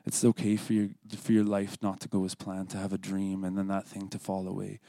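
A man's voice: deep voice, monotone, fairly quick, gravelly, warm tone, no echo. A man giving an earnest, scripted devotional talk at a church service, sometimes dropping to a whisper for prayers. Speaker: lay speaker at a church service.

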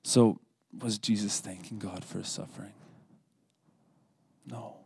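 A man's voice: on the low side, steady tone, a little slow, gravelly, dark tone, breathy edge, dry recording. A man giving an earnest, scripted devotional talk at a church service, sometimes dropping to a whisper for prayers. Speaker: lay speaker at a church service.

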